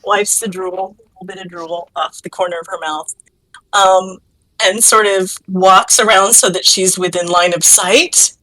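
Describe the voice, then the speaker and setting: A woman playing in a tabletop role-playing game, chatty, hesitant and quick to giggle. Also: mid-range voice, steady tone, sharp tone, low-quality recording. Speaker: player. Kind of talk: casual tabletop game chat.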